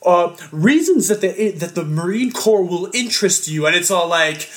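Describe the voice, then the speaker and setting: A man's voice: high voice, expressive, moderate pace, roomy sound. A teenage man ranting on a podcast, swearing heavily. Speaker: podcast co-host. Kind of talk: casual chat.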